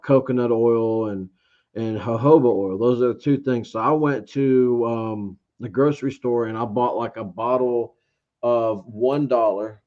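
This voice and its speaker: A man's voice: on the low side, a little mellow. A man from Georgia tells a long, rambling story in an easygoing interview chat. He keeps acting out what he thought at the time. The recording sounds a little dull and lo-fi. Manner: rambling storyteller, acts out his own past thoughts. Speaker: interview guest, beard reviewer.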